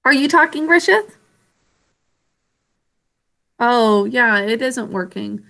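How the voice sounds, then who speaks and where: A woman teaching an online reading lesson over a video call, sounding out words slowly and clearly syllable by syllable. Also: on the high side, animated, sharp tone.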